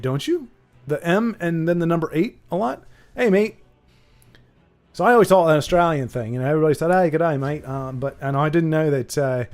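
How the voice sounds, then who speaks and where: A man hosting a livestream, talking in a rambling, playful, self-correcting way to his chat. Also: on the high side. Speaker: streamer host.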